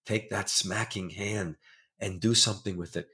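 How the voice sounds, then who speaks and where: A man's voice: on the low side, steady tone, moderate pace, pushed and bright. Earnest man explaining with emphasis. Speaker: therapist and guest. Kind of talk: conversational interview.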